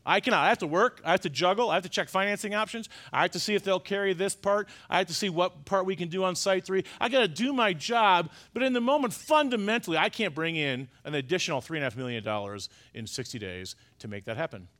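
Middle-aged man, pastor preaching, fairly high voice, urgent peaks and hushed asides. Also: fast, hardly any pauses. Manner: emphatic, swings between loud urgent stresses and quiet confiding asides. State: choked up. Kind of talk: sermon.

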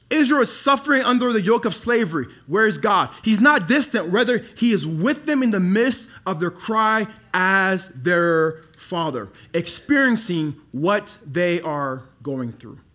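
A man in his thirties from Dallas preaching a sermon as pastor, animated and then dropping to quiet emphasis. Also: high voice. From Dallas, Texas.

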